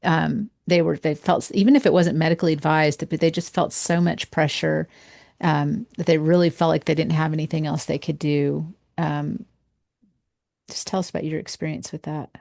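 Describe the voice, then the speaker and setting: Low-voiced woman host, gravelly. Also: steady tone, normal speed. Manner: gentle, searching, with many ums. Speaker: podcast host. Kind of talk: interview questions.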